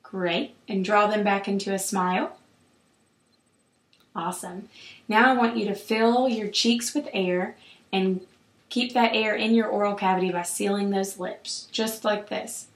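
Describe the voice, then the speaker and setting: Woman clinician, calm, encouraging, mid-pitched voice, echoey room. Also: unhurried. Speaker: clinician giving an oral exam. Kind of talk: clinical instructions to a patient. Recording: roomy echo.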